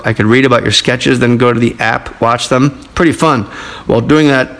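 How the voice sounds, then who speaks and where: A man's voice: medium pitch, gravelly, pushed and bright, rough recording. Profane wisecracking male podcast host. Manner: profane, wisecracking, reading listener mail. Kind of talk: casual comedic sports rant.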